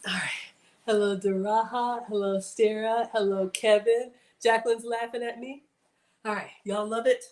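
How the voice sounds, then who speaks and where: A woman's voice: fairly high pitch, steady tone, normal speed, a little mellow, roomy sound. A woman hosting a casual cooking livestream, chatting to viewers as she works. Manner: chatty, addresses viewers as y'all; playful outbursts and sing-song bits.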